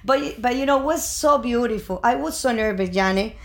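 A woman's voice: fairly high pitch, moderate pace. An older woman, mother of the host, telling a rambling, emotional family story with many restarts in casual chat.

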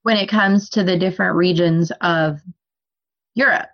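A young adult woman co-hosting a casual book podcast, talkative and quick to laugh. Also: on the low side, fairly even intonation, muffled recording. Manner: talkative, laughs often, tells personal stories. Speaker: podcast co-host. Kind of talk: casual book discussion chat.

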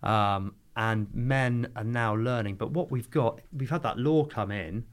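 A man, a divorce lawyer talking earnestly in a podcast conversation, often restarting his sentences. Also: medium pitch. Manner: earnest, halting with frequent restarts.

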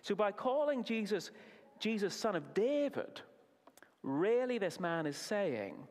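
A man's voice: sits high, slow. Guy preaching to the kids, voice jumping all over, big echoey hall. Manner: animated, asks the children questions and praises their answers. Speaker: preacher at a family service. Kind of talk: children's talk in a sermon. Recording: long reverb of a large hall.

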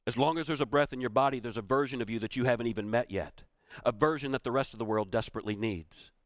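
A man voicing his aging mentor in his sixties, who speaks quietly, tenderly and plainly. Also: mid-range voice, fast, no echo, clean studio sound, close to an everyday voice. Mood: firm. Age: 60s. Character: aging male mentor, dying, gentle and fatherly.

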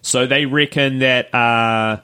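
A man's voice: medium pitch, fairly even intonation, slow, bright, forceful tone, clean tone. Rambling New man telling stories. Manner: rambling storyteller, many fillers. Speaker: podcast co-host. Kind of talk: casual chat.

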